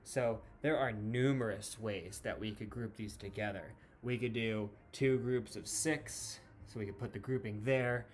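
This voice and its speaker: Guy teaching music basics, patient, counts beats out loud, bit of faint hiss behind. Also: on the low side, fairly even intonation, a little slow, hardly any pauses. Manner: clear, patient explaining with counting aloud. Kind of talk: classroom lesson explanation.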